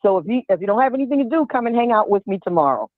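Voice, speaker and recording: A woman's voice: fairly high pitch, lively intonation, racing, no echo. Woman, panelist, playful and apologetic, phone-line sound, dry. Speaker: radio panelist and play director. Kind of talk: casual radio chat and announcement.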